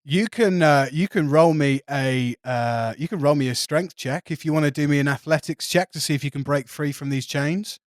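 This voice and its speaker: An English man running a tabletop game, his voice a little higher than most men's. He narrates the scene vividly and laughs easily. The sound is dry and close to the mic. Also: moderate pace, few pauses, no room sound. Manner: lively, laughs often, descriptive. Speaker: game master.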